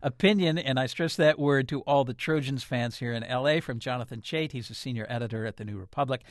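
A man hosting a public radio news interview from a studio, asking brisk, lightly wry questions. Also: mid-range voice, dry recording. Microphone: studio mic.

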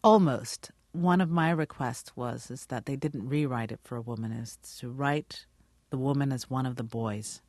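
A woman's voice: rumbling low, moderate pace, darkish tone, no room sound. Thoughtful British-accented middle-aged woman, dry sound. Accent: British English. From Guyana. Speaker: actress, interview guest. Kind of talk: radio interview.

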